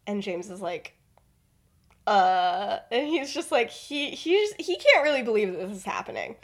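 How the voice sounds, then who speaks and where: A woman's voice: on the high side, huge pitch swings, fairly quick. A young woman hosting a podcast, retelling a story in a rambling, casual way full of fillers. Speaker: podcast host.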